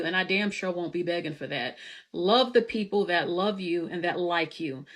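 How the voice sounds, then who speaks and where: A woman giving a blunt, lecturing opinion to camera. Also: mid-range voice.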